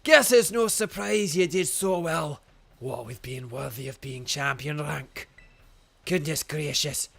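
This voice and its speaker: A man's voice: on the high side, vocal fry, a bit bright, heavily acted. A man putting on a hearty old Scottish gym leader. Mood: proud. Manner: hearty, drawn-out, folksy. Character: boisterous old male gym leader and chef. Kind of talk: reading game dialogue aloud.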